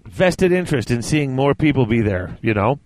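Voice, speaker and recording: Podcast co-host, man, excitable and laughing, dry mic, medium pitch. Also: a little fast, no room sound. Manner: animated, laughs often, many restarts. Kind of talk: casual chat about tabletop wargaming.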